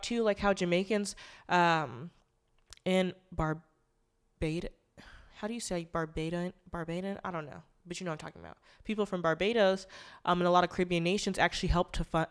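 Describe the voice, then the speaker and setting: Smooth-voiced young woman rambling casually. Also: fairly low pitch. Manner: rambling, self-correcting, blunt and irreverent. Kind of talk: casual commentary monologue.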